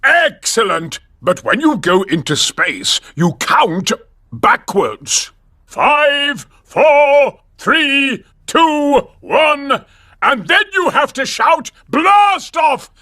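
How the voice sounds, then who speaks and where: An actor playing a loud, boastful old male rabbit in a cartoon, telling his tale in a booming voice. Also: very animated, drawn-out words, heavily acted. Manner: booming, shouty storyteller. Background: music.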